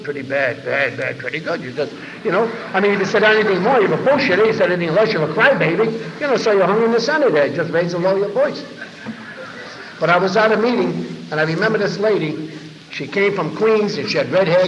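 A man giving his recovery story to a meeting audience, an animated storyteller who acts out the voices he quotes and speaks straight to the listeners. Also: high-pitched, muffled recording. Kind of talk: personal recovery testimony to an audience. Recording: echoey hall, faint background noise.

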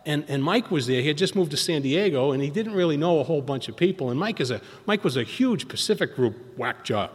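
Speaking fast with hardly a pause, a middle-aged man tells his story at a recovery meeting in a high-ish, slightly rough, expressive voice. He rambles and imitates what other people said, and the hall gives everything a long reverb.

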